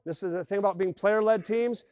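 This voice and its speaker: Brisk and high-sitting, a man's voice with no room sound leads a basketball team through plays on an indoor court. He explains with energy, shouting out the actions and putting on the players' voices.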